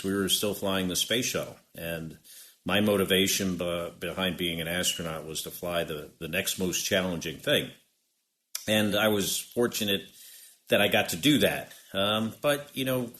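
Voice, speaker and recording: Deep-voiced man answering with halting fillers. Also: a bit bright. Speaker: retired astronaut guest. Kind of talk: interview answers.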